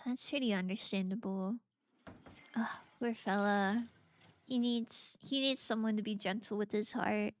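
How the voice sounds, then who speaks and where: A woman's voice: on the high side, moderate pace, no room sound, clean studio sound. A woman streamer chatting casually while playing games, bubbly and gushing, laughing often. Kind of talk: casual gaming stream chat.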